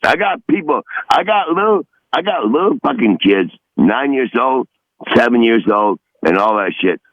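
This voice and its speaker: A gravelly older man in his sixties rants, combative and foul-mouthed, jumping from one grievance to the next. His voice has a rough, fried edge. It comes through dull and dry, like a muffled phone line. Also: mid-range voice, lively intonation, normal speed, no echo. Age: 60s. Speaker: regular comedic guest. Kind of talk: profane rant on a phone-in podcast.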